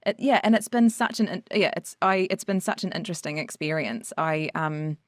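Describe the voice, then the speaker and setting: A woman's voice: lowish voice, normal speed, dry recording, clean studio sound. A woman co-hosting a podcast, talking reflectively and openly about her own experiences and laughing often. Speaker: podcast co-host. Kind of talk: casual chat.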